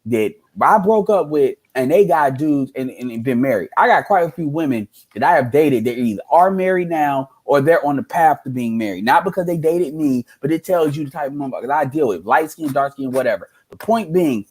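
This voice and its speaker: A man's voice: a little high, animated, a little fast, hardly any pauses, a little mellow, husky. A man giving casual reaction commentary as a streamer, ranting in a heated, profane way.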